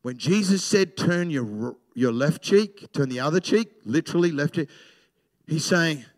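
A middle-aged man, a pastor preaching a sermon in a conversational way, swinging between loud emphasis and hushed storytelling. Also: on the high side, expressive, normal speed.

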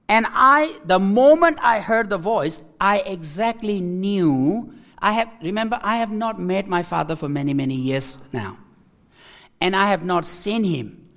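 A man preaches his personal testimony with emotion, speaking haltingly, repeating phrases and starting over. His voice is high-pitched with a fairly bright tone.

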